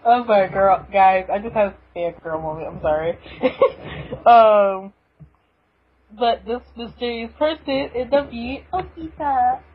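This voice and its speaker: A woman's voice: fairly high pitch, measured pace, husky, phone-quality sound. A woman co-hosting a podcast, recapping a manga chapter in a giggly, enthusiastic casual way. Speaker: podcast co-host.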